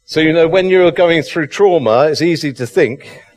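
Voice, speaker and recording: A man's voice: on the high side, darkish tone. A man preaching an Easter sermon, fervent and emphatic, repeating phrases for effect. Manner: fervent, emphatic, slow deliberate delivery with repetition. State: excited.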